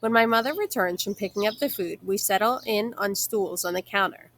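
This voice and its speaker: A woman reading a children's novel aloud in a steady narrating manner, with casual asides between chapters. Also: mid-range voice, a little fast, slight background noise.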